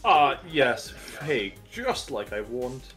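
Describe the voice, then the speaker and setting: A man's voice: very animated, takes it slowly, a bit bright, soft background music, low-quality recording. A man chatting along with a game stream, joking and playful. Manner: playful, jokey, swings his pitch. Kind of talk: casual gameplay chat.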